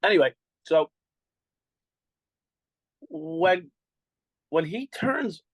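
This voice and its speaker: A man's voice: a little high, expressive, drawn-out words, dry recording, rough recording. An older man with a New York accent, telling his own story in an interview in a blunt, profane way and acting out the dialogue he quotes. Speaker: interview guest.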